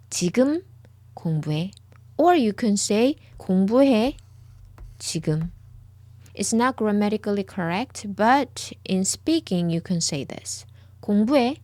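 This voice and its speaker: Patient woman teaching Korean words slowly. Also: medium pitch, dark tone, dry recording. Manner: patient, repeats each word several times. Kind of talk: slow lesson, repeating words for the viewer.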